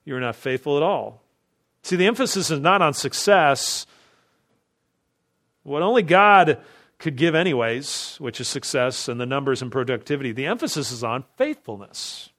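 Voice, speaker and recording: A man's voice: fairly high pitch, animated, moderate pace, fairly bright tone. A pastor delivering a teaching sermon in a slightly raised voice. He presses his listeners with emphatic runs of rhetorical questions. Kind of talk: expository sermon.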